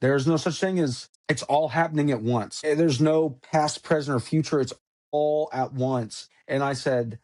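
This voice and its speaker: A man's voice: a little high, normal speed, a little mellow. Intense rambling man telling a story. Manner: intense, rambling, swears often. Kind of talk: casual storytelling.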